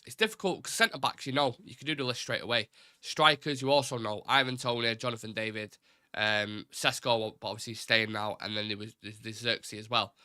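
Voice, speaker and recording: Speaking fast and animated, a young Salford host with a Mancunian accent reads viewer comments aloud during a live-stream fan talk show. He's blunt and opinionated and swears as he goes. The medium-pitched voice is a dry, studio-quality recording, and he hails from Greater Manchester.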